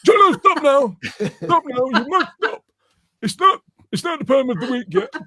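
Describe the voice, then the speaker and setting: A man's voice: extremely high pitch, expressive, moderate pace, sharp tone, pitched above the performer's own voice, full character voice. A man doing an exaggerated mock impression of a bossy woman scolding him, over a video call.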